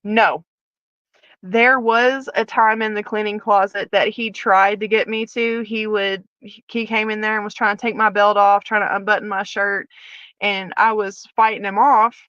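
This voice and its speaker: A woman's voice: mid-range voice, flat delivery, moderate pace, a bit bright, no echo, lo-fi sound. A woman, a former prison officer, candidly telling her personal story as a guest and acting out the dialogue as she retells it.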